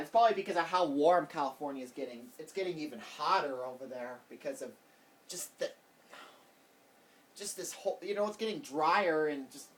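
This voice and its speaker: A man's voice: fairly high pitch, a little mellow. A man vlogging a heated, rambling political rant, repeating himself as he talks. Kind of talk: casual political rant to camera. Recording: voice distant from the mic.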